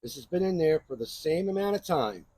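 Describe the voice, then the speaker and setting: A man's voice: a little high, expressive, brisk, darkish tone, breathy edge, no echo. A man hosting a knife channel, chatting casually in a rambling show-and-tell review and often asking "right?".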